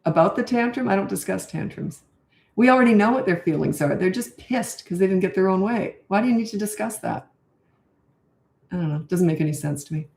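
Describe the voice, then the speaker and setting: A woman's voice: mid-range voice, animated, fairly quick, gravelly, darkish tone, echoey room. An older woman, a parenting coach, answering viewer questions in a casual live Q&A, blunt and off-the-cuff, thinking aloud as she goes.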